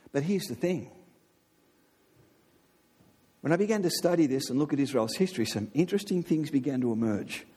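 A man preaching a sermon in an animated way, often asking his listeners "right?". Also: on the high side, husky. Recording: long reverb of a large hall.

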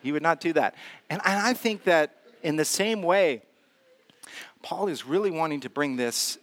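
A man's voice: fairly high pitch, normal speed, a bit bright. A man preaching a sermon in a conversational, storytelling way, with humor and frequent filler words. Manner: storytelling with humor and self-deprecation. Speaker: pastor.

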